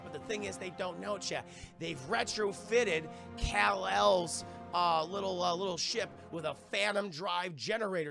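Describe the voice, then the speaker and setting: A man's voice: high-pitched, moderate pace, gravelly, over music. Profane, rambling young man streaming. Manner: profane, rambling, addresses chat often; mimics sounds and thanks viewers. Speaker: streamer reviewing films. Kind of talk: casual live-stream chat.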